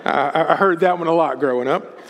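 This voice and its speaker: A man's voice: on the high side, brisk. A man from Texas with a Southern accent, preaching a folksy, chatty sermon as a guest speaker. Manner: folksy and chatty, laughs often. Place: church sanctuary. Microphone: stage microphone. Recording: long hall reverb.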